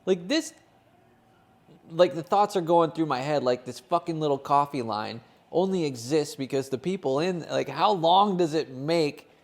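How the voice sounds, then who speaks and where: A man's voice: fairly high pitch, moderate pace, few pauses. A man co-hosting a casual sports podcast, telling a rambling story full of swearing. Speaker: podcast co-host. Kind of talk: casual chat.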